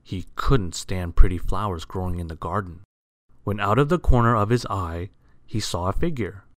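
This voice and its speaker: A man reading a children's picture book aloud, expressive and asking the listener questions. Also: deep voice, moderate pace, dry recording, studio quality. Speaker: storyteller.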